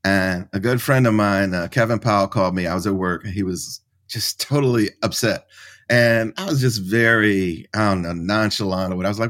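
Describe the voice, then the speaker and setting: A middle-aged man, a writer and professor, answering as a podcast guest in an animated storytelling way. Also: fairly low pitch, moderate pace. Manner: animated storyteller, acts out quoted voices.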